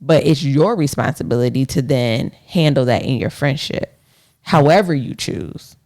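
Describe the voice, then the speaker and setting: A woman co-hosting a podcast, speaking in a direct, candid way with some gentle teasing. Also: very deep voice, moderate pace. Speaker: podcast co-host. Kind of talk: casual relationship chat.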